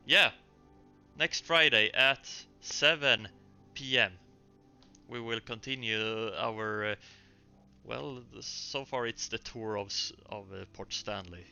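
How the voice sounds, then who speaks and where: Bright-voiced man running a tabletop game. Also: medium pitch, vocal fry, clear, resonant tone, muffled recording, soft background music. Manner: relaxed, halting narration with fillers. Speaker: game master. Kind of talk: narrating a tabletop game stream.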